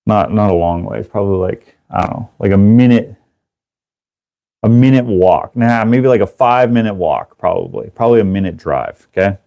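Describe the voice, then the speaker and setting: A man hosting a live stream, telling a rambling, animated story with casual swearing and laughter, jumping into high voices to act out other people. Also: moderate pace, creaky, no echo. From Canada. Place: indoors, working on a craft while streaming.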